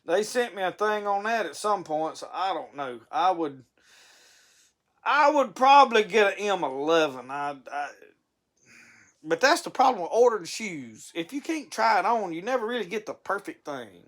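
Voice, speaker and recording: A man's voice: sits high, sing-song, normal speed, a bit bright. A man, hosting a casual live stream, rambling in a folksy way with stammering restarts and chuckles. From Mississippi.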